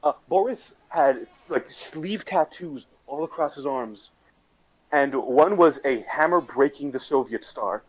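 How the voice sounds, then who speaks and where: A man's voice: a little high, a little slow, breathy edge, lo-fi sound. A young man on a casual podcast chat, telling a story in a joking, rambling way and restarting his sentences. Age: young adult.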